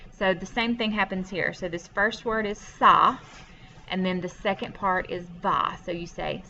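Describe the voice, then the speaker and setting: A woman's voice: medium pitch, normal speed, bright, forceful tone, lo-fi sound, slight background noise. A woman teaching French vocabulary from home, explaining patiently step by step with frequent ums. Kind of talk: recorded classroom lesson over a screen share.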